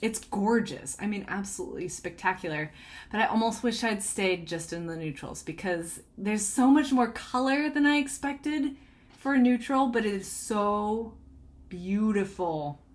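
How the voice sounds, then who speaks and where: A woman's voice: mid-range voice, animated, unhurried. Bubbly chatty woman vlogger. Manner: bubbly, giggly, rambling with restarts. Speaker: cross-stitch vlogger. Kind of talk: casual chatty show-and-tell.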